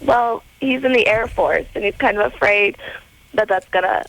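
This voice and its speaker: A young woman phoning in to a radio show, with a gravelly, creaky edge to her voice. She talks hesitantly, trailing off and pausing often, and the sound is dry. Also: medium pitch, fairly bright tone, dry recording, rough recording. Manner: hesitant, many pauses. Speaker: caller. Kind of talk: call-in radio conversation.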